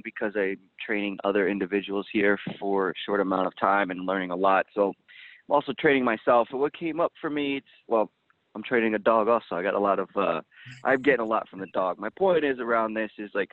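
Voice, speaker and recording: A man's voice: fairly low pitch, brisk, no room sound. A man in a casual podcast roundtable who talks animatedly and acts out quoted voices. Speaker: roundtable panelist. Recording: tinny dry phone-like line.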